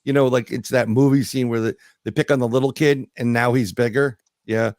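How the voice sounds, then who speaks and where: A middle-aged man co-hosting a podcast, telling a profane story in a loose, animated way. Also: mid-range voice, fairly quick, no room sound. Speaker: podcast co-host. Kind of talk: casual podcast chat.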